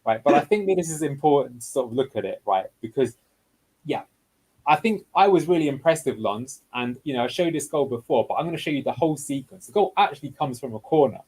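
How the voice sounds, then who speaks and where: Husky man breaking down match clips. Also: mid-range voice, lively intonation, fast, a little mellow, rough recording. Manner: explanatory, walks through clips step by step. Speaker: guest football analyst. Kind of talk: tactical video breakdown.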